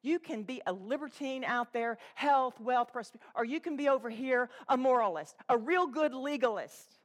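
A woman's voice: sits high, moderate pace. A woman preacher delivering a sermon to a congregation, speaking with passion and repeating phrases for emphasis, and reading scripture aloud.

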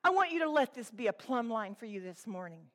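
A woman's voice: a little high, very animated, brisk, fairly bright tone. A woman preacher delivering a sermon to a congregation, speaking with passion and repeating phrases for emphasis, and reading scripture aloud.

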